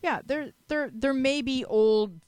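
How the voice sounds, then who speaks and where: A woman's voice: high-pitched, slow, a little mellow, clean tone, dry recording. A woman hosting a teen panel talk show, giving frank advice in a chatty, joking way and often restarting her sentences.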